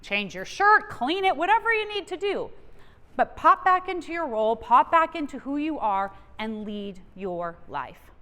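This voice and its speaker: A woman's voice: high voice, very animated, a little slow, pushed and bright. A woman giving a motivational keynote from a stage, coaching her audience directly with energy. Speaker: keynote speaker. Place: large event hall. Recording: long reverb of a large hall.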